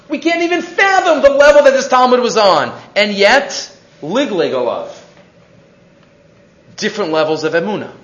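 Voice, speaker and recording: A man teaching a Torah class, telling stories and acting out the people in them. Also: high-pitched. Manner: animated, acts out quoted characters. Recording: roomy, dull lo-fi classroom recording.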